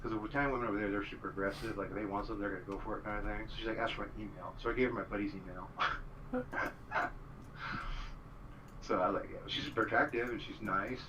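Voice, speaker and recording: A man's voice: on the low side, steady tone, fast. A man telling a rambling story in casual chat, full of fillers. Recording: distant mic with noise.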